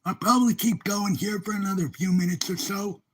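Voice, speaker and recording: Brief: man hosting a loose live stream, high-pitched, raspy, repeats himself cheerfully. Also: fairly even intonation, brisk. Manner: rambling, repetitive, upbeat filler exclamations. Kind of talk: casual livestream chat.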